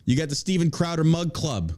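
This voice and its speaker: A man's voice: a little high, animated, brisk, darkish tone. A man hosting a podcast in crude, casual banter, ranting and swearing in a boisterous way. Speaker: podcast host.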